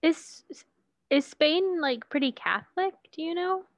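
A woman's voice: high voice, animated, unhurried, dry recording. A woman playing along in a guessing game, offering tentative suggestions and hesitating often. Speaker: co-player. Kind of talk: casual gameplay chat. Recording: dull, dry lo-fi audio.

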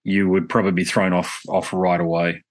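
A man's voice: low voice, flat delivery, normal speed. An Australian man hosting a podcast, chatting casually and telling rambling stories that he keeps correcting as he goes. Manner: rambling, self-correcting storyteller. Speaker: podcast host. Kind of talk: casual chat.

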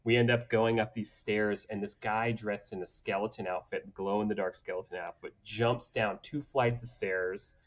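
A man telling stories in a casual podcast chat, animated, laughing and swearing as he goes. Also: lowish voice, normal speed, few pauses, highs cut off. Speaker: podcast guest.

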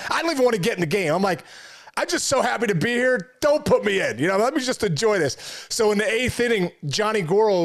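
Middle-aged ex-ballplayer guy telling an old story, pretty high voice, animated, lots of you know and like. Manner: animated, heartfelt, many fillers and restarts. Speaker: former pro baseball player, guest. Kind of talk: storytelling in a conversation.

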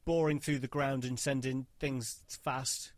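A man of medium pitch hosting a casual podcast, bantering and teasing, with casual swearing thrown in. His voice is dry and close to the mic. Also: little pitch movement, measured pace, dry recording. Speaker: podcast host.

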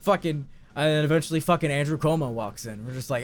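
A man hosting a podcast, telling an absurd story in a rambling, profane, deadpan way. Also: on the high side, fast talker, noisy background. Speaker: podcast host. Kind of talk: casual comedic storytelling.

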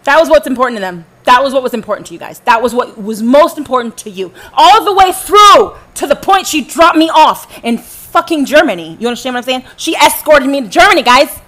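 With a high, fairly bright voice, this Southern American woman rants about her own experiences, swearing heavily and speaking straight at the people listening in a confrontational way.

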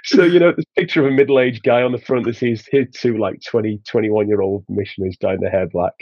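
A man with a Yorkshire accent, low and a little husky, telling anecdotes as a podcast guest. He rambles with restarts and keeps laughing through his own stories. The audio is slightly dull and lo-fi, with a dry sound. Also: fairly even intonation, fast talker, darkish tone, dry recording. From England, Sheffield. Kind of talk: casual storytelling.

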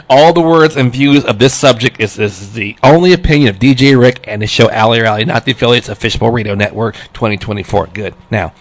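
A man hosting an internet radio show, telling a story in a loose, animated way and laughing along as he goes. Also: mid-range voice, a little fast. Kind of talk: casual on-air chat.

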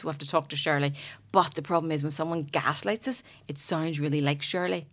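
A woman in her forties, chatting frankly on a podcast as a guest, animated and sweary. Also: deep voice, fast talker, hardly any pauses. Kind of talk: casual chat.

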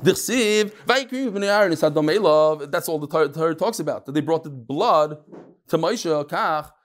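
A man teaching a text class who reads passages aloud, then explains them in relaxed talk and tells stories. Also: on the high side, moderate pace. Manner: storytelling, acts out quoted voices. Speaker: Talmud teacher. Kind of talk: Talmud class lecture.

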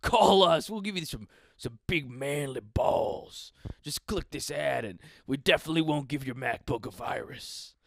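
A hyped-up pitchman oversells in a booming voice, leaning on stretched-out words, as a man mocks him. The recording is close and dry. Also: lively intonation, normal speed, vocal fry, dry recording. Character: pushy male late-night ad pitchman, hyped.

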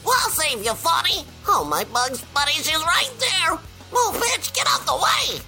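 A woman's voice: on the high side, big pitch swings, moderate pace, over music. A woman voicing a nervous male raccoon, panicky and pleading.

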